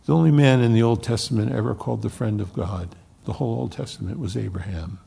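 Male pastor, low gravelly husky voice, preaches with big swings from loud to whispered, long hall reverb. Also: fast. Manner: preaches with strong swings from loud emphasis to hushed near-whispers. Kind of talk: sermon.

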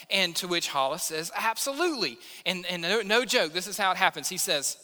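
A man's voice: high-pitched, lively intonation, brisk, few pauses, bright, forceful tone, in a large hall. A man in his thirties preaching a sermon as pastor, conversational and self-deprecating, acting out the voices in his stories. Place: church sanctuary.

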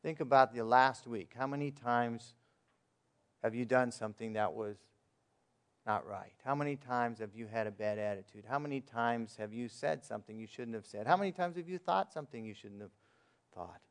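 A man's voice: mid-range voice, moderate pace, smooth. A man preaching a sermon in a plain, conversational way, asking his listeners questions and reading verses aloud. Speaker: pastor.

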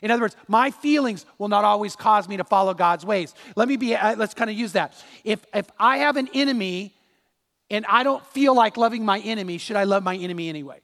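A man's voice: high-pitched, a little fast, a bit bright, big-room sound. A man preaching a sermon as pastor, telling a personal story with restarts and repeated words.

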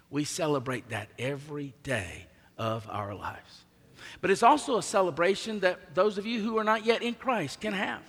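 Bright-voiced preacher in a reverberant hall. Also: male voice, on the high side, slightly rough. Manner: emphatic preaching with strong swings in volume. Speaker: pastor. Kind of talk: sermon. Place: church sanctuary.

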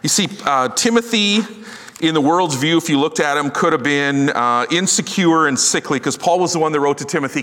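Bright-voiced man preaching in a hall. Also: a little high, a little fast. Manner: conversational and self-deprecating, joking asides. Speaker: pastor. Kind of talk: sermon. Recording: long reverb of a large hall.

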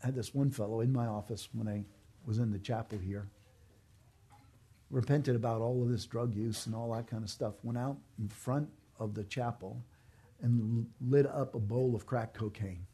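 Husky-voiced man preaching earnestly. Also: medium pitch, normal speed, warm tone. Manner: earnest, emphatic preaching with repeated key phrases. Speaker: pastor. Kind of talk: sermon.

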